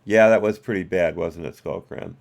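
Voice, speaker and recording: A man's voice: low-pitched, animated, moderate pace, creaky, a little mellow. A man hosting a live stream, reading documents aloud and breaking off for wry asides and corrections to his chat.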